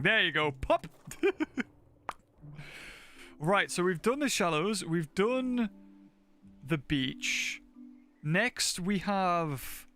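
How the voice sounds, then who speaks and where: Lively high-voiced man streaming. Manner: chatty, thinks aloud, laughs often, talks to chat. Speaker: game streamer. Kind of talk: casual livestream gameplay commentary.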